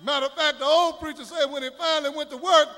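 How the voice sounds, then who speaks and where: A man preaching a sermon, swelling into shouted, sing-song preaching cadence, with a gravelly voice. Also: very high-pitched, fairly even intonation, fast. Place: church sanctuary. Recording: reverberant church hall with faint congregation.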